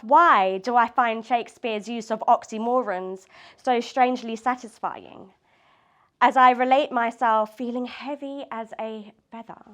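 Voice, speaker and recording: Woman poet with a fairly high voice reading her own work and chatting with a small crowd between poems. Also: fairly bright tone. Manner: laughs often, loose chat with fillers before reading. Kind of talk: poetry reading and casual chat. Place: community space at a live reading event.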